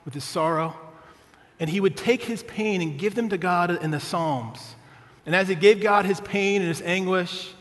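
A man's voice: high-pitched, long reverb tail. A male pastor preaching a sermon, telling a family story with humor and often asking the congregation "right?".

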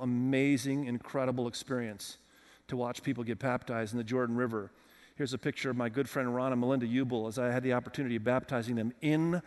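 A man's voice: medium pitch, darkish tone, in a large hall. A man preaching a sermon as pastor, talking conversationally and putting questions to the congregation. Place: church with several campuses.

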